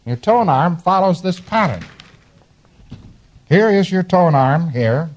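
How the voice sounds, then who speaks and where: An instructor with a high, animated voice lectures slowly to a class. He walks through diagrams on a board, chuckles now and then, and acts out short examples as he explains.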